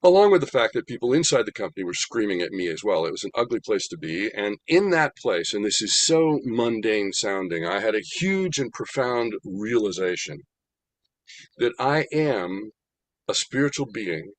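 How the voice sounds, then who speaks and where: An older American man giving an animated, humorous talk about his spiritual path, slowing down to stress points. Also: lowish voice, no echo. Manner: animated, humorous, slows down for emphasis. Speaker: spiritual speaker. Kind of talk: storytelling talk.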